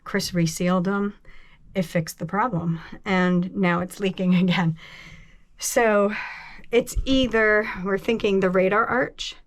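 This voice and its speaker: Her voice is medium in pitch with a steady tone as this New England boat vlogger talks below deck, a little out of breath. She rambles slowly in a relaxed, chatty way, laughing as she goes.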